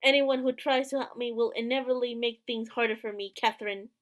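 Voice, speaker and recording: A woman reading out the lines of a gentle, resigned young man in a visual novel, in a soft, earnest way. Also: a little high, fairly even intonation, a little fast, lightly acted. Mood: tender.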